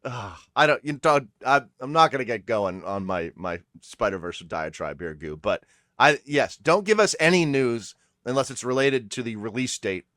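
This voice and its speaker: Male podcast co-host with a mid pitch, opinionated and profane, recorded on a close, dry mic. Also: expressive, normal speed, fairly bright tone, no room sound. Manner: blunt, opinionated, swears freely. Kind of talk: casual movie news chat.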